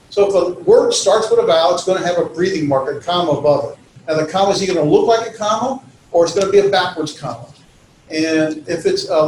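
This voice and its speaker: Male instructor, slightly higher voice, loose delivery with fillers; distant mic, roomy classroom. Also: a little hiss or hum. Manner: informal, lots of fillers and self-corrections. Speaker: teacher. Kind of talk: classroom lecture. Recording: echoey classroom from far off.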